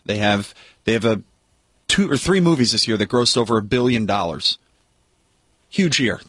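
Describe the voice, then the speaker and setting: A man's voice: medium pitch, fairly bright tone, no room sound. A man delivering an entertainment news segment on a radio show in a chatty, upbeat manner with asides.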